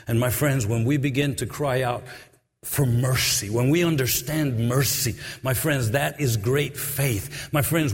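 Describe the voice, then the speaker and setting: A man preaching a sermon in a church. He moves from quiet, low passages to sung-out, shouted climaxes. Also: breathy edge, in a large hall.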